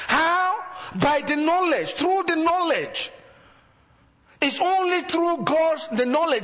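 A man's voice: very high voice, fairly bright tone, in a large hall. A man preaching a sermon as a pastor, building emphasis through repeated phrases.

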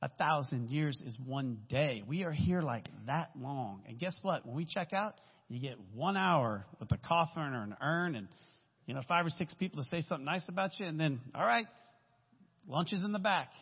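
Husky man in his fifties preaching. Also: a little high, lively intonation, moderate pace. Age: 50s. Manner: casual, storytelling, folksy asides. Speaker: guest speaker. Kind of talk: conversational sermon. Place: church sanctuary. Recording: echoey hall, dull lo-fi sound.

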